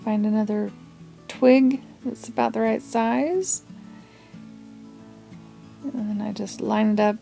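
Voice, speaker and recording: Chatty woman with a gravelly fry. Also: a little high, slow pace, pauses often, warm tone, soft background music. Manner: chatty and rambling, with asides and little laughs. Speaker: craft tutorial host. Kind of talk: casual craft tutorial.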